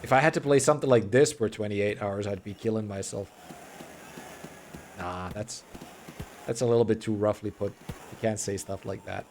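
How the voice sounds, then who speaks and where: Over a little hiss or hum, a young man from Finland comments casually on the game he's streaming, mumbling so his words blur together. His voice is lowish and darkish, at normal speed with long pauses, and carries the Finnish accent of a native speaker.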